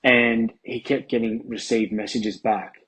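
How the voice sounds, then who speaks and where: Husky man telling his story. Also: medium pitch, little pitch movement, a bit bright, rough recording. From Australia. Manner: casual, halting, with frequent restarts and swearing. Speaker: podcast guest. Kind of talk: candid personal storytelling.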